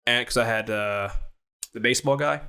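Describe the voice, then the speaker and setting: A young man co-hosting a podcast who tells stories in a lively, profane way, acting out both sides of an argument. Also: medium pitch, moderate pace, clean tone. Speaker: podcast co-host. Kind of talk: casual chat.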